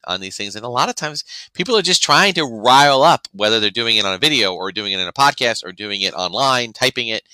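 With a fairly low, smooth voice and a sharp tone, this man co-hosts a podcast in loose conversation. He rambles, keeps restarting his sentences, and performs other people's reactions. The low-quality recording has no room sound.

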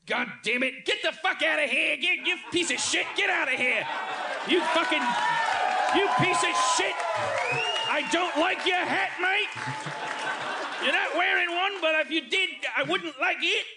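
A man putting on a mock Australian accent to play a furious man swearing and yelling at a kangaroo, with every line rising like a question. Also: very high voice, measured pace, a loud crowd, heavy background noise, pitched above the performer's own voice. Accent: put-on Australian. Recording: live show with loud audience.

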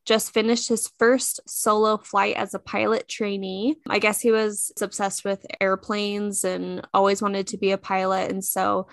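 A woman's voice: mid-range voice, level tone, a little slow, gravelly, hardly any pauses, dry recording. A woman hosting a podcast, telling a true crime story in a casual, chatty way with many fillers and shifts of speed.

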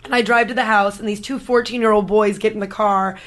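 A woman's voice: mid-range voice, brisk. A young woman co-hosting a casual podcast chat, telling anecdotes and acting out the people she quotes. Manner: storytelling, acts out quotes with animated voices. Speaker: podcast co-host.

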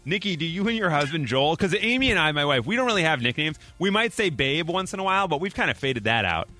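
Male morning host, bright, animated, jokey. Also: a little high, fast talker, faint music behind. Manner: lively, joking, animated. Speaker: radio host. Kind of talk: casual morning show banter.

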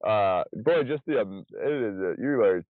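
A man's voice: lowish voice, animated, unhurried, no echo. A man talking in a casual podcast chat as a guest, rambling with many restarts as he retells events. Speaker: podcast guest, survival show contestant. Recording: tinny phone-like sound.

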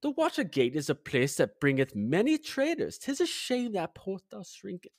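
A man's voice: high voice, huge pitch swings, moderate pace, gravelly, dry recording, clean studio sound, exaggerated voice. A man reading the message of a farmer from 1521 aloud in a put-on mock German accent, stumbling over the archaic wording. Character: English farmer man from 1521, old-fashioned, chatty.

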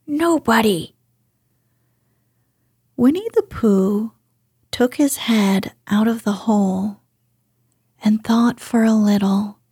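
A woman reading a children's story aloud as a soothing bedtime story, soft and hushed. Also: medium pitch, slow, husky, no echo, clean studio sound.

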